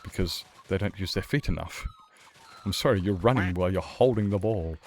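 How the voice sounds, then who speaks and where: A man's voice: deep voice, a little fast, slight background noise. A man streaming a survival game, chatting with viewers in a worked-up, playful rant. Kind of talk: casual live-stream chat.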